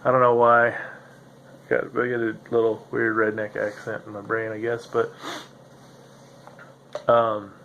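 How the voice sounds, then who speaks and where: A man's voice: lowish voice, completely flat delivery, unhurried, pauses often, a bit bright, muffled recording, a little hiss or hum. A man hosting a solo podcast, musing in a meandering, self-interrupting way with a slightly nasal voice. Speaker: podcast host. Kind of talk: rambling solo monologue.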